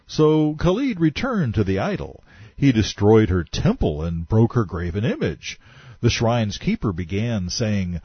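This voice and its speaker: Husky man reading dramatically. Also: fairly low pitch, wildly swooping pitch, unhurried, dry recording, dull audio. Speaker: reader of historical texts. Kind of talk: scripted narration.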